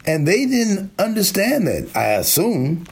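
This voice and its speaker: Preacher, male, unhurried and emphatic, slightly higher voice. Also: huge pitch swings, slightly rough. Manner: slow, emphatic preaching with repeated lines. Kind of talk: sermon.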